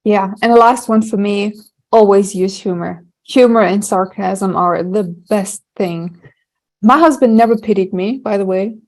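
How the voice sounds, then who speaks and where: A middle-aged woman coaching on anxiety, speaking in a lively, humorous way on a podcast. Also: mid-range voice, unhurried. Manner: lively, humorous, laughs while telling stories. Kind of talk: casual podcast conversation.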